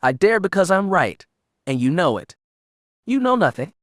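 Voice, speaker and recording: A man's voice: mid-range voice, expressive, normal speed, a bit bright, no room sound, natural voice. A steely young Sith inquisitor woman, firm and scornful, in a storybook reading, acted by a male reader. The voice is dry and close with no room around it. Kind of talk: audiobook character reading.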